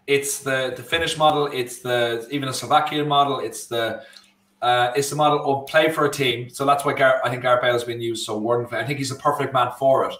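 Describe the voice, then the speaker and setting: An Irish man co-hosting a live football watchalong. He rambles with animated energy and often stops mid-phrase to correct himself. His voice sits at a middling pitch and carries a roomy echo. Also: fast. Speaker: co-host. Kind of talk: casual football watchalong chat.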